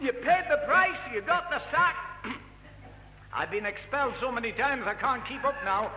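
A man's voice: very high voice, expressive, moderate pace, sharp tone, slight background noise. A man preaching a fervent sermon in a church hall, telling stories with put-on voices. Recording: echoey hall, faint music.

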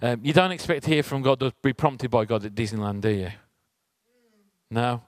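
A church speaker talks at normal speed in a medium-pitched voice, captured in a dry recording. His sermon is chatty and conversational, built around a personal story and rhetorical questions aimed at the congregation.

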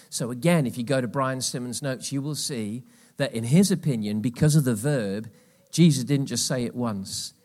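A male pastor preaching a live church sermon, swinging between loud, emphatic exhortation and hushed, quiet asides. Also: medium pitch, moderate pace.

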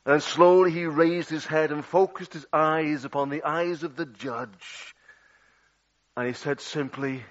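A man preaching a sermon, swinging dramatically between loud outbursts and hushed, low passages. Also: fairly even intonation, measured pace. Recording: dull lo-fi audio.

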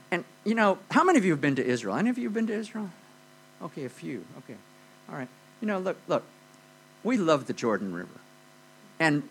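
A man delivers a sermon to a congregation, retelling a Bible story with an animated, swooping delivery. His voice is bright and a little husky. A low electrical hum sits under the recording. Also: rough recording. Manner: animated storytelling with frequent "okay?" and "you know". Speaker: preacher.

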